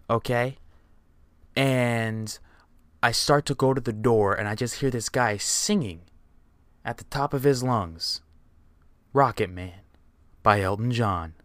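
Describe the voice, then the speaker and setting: A man's voice: medium pitch, no echo. A young man casually telling a rambling, profanity-filled story.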